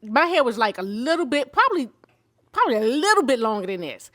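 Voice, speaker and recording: Fifties woman, slightly high-pitched, candid and emotional personal testimony with faith. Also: quick pace. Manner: heartfelt, candid, emotional storytelling; faith-filled and expressive. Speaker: show host sharing her own story.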